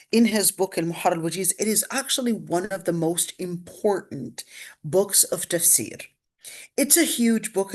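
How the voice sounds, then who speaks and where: Woman giving a conversational tafsir lesson. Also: mid-range voice. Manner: conversational, with many fillers and self-corrections; explanatory, walking through a text. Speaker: Islamic studies lecturer.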